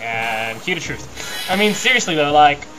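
A man's voice: on the high side, big pitch swings, normal speed, poor audio. A young man casually commenting on his gameplay as a let's play host, rambling and easygoing. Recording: game music behind the voice. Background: video game music.

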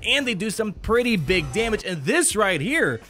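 Excitable high-voiced man gaming commentary. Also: normal speed, soft background music. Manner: enthusiastic, exclamatory, rambling with restarts. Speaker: gaming YouTuber.

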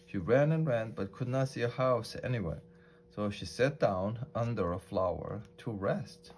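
A man reads a storybook aloud for English learners, calm and measured, with the odd small restart. His voice sits on the low side. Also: slight background noise.

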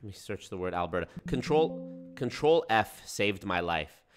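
A young man hosting a casual livestream, reacting to chat in a profane, animated way. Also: fairly low pitch, unhurried, clean tone. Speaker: livestream host.

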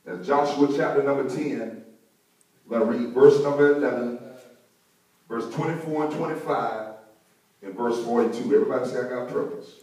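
A man's voice: mid-range voice, normal speed, long pauses, darkish tone, recorded from a distance. A male pastor preaching a sermon in a church, rhythmic and calling for responses from the congregation. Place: church sanctuary. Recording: echoey church hall, mic from afar.

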